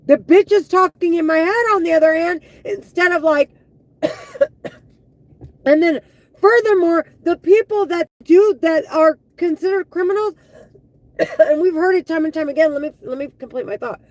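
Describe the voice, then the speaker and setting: A woman live streaming an angry, profane monologue, heated and full of halting restarts. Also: very high-pitched, a little mellow, dry recording, rough recording.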